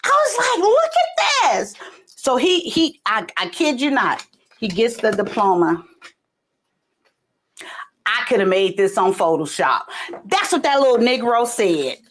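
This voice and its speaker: A woman's voice: a little slow, pauses often, a little hiss or hum. A woman in her forties hosting a casual livestream chat, telling stories with laughter and big leaps in her voice. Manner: animated storytelling with laughter and big pitch leaps. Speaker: livestream host.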